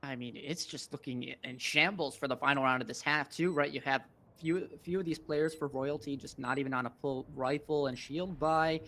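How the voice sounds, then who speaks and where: Esports color caster, middling pitch, analytical but teasing and playful. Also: fairly even intonation, normal speed, sharp tone. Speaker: color commentator. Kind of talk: live esports commentary.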